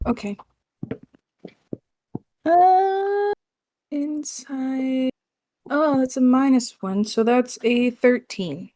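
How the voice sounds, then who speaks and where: A woman talking casually as a player in a tabletop game, quick and a little hesitant. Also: high voice, dark tone, dry recording.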